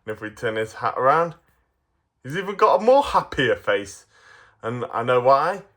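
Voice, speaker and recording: A man's voice: mid-range voice, big pitch swings, moderate pace, a bit bright. A man reviewing toy figures in a casual, playful way, giggling often.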